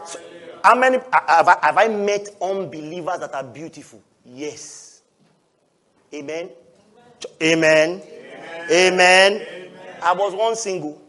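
A male pastor, preaching a lively sermon, often laughing and breaking into shouts. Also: high voice, measured pace, long pauses.

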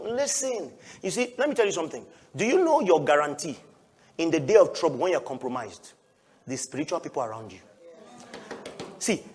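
A male pastor, preaching a lively sermon, often laughing and breaking into shouts. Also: high voice, husky.

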